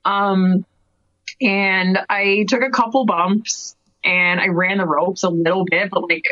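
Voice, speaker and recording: A woman's voice: mid-range voice, steady tone, slow pace, a bit bright, no room sound. Cape breton woman in her 30s gabbing thru a story, lots of likes and giggles, dry dull podcast sound. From Canada, Cape Breton. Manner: chatty storyteller, many "like"s, laughs often. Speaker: guest wrestler. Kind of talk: casual interview chat.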